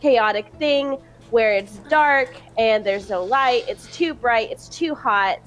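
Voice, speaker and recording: A woman's voice: fairly high pitch, slow pace, faint music behind, poor audio. A woman player chatting casually at a tabletop game, bubbly and laughing a lot.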